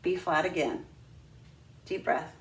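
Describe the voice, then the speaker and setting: A woman's voice: fairly low pitch, takes it slowly. Patient woman teaching flute, roomy sound. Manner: patient, demonstrative, breaks into sung "ha ha" drills. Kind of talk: instructional lesson.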